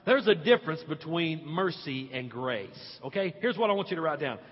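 A man preaching a sermon as pastor, swinging from quiet to loud and stretching key words. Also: fairly high pitch, lively intonation, moderate pace, breathy edge. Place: church sanctuary. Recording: dull lo-fi audio with long hall reverb.

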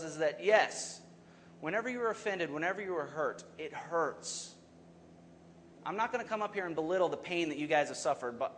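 Young guy pastor preaching, kinda high voice, keeps asking the crowd stuff, faint hiss behind. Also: fairly bright tone. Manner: conversational, asks the congregation questions. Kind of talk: sermon.

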